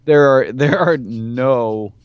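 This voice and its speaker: A man's voice: mid-range voice, takes it slowly, clear, resonant tone, dry recording, lo-fi sound. A man co-hosting a sports podcast, talking in a laid-back, matter-of-fact way. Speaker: podcast co-host. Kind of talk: casual sports chat.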